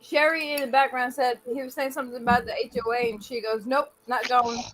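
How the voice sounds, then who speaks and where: A woman's voice: high voice, fast, poor audio. A woman laughing and chatting casually on a live stream.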